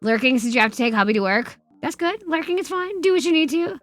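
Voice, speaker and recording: A woman streaming from home, chatting casually with her chat, swearing a lot and swinging between loud outbursts and quiet muttering. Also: high voice, animated, quick pace, no echo.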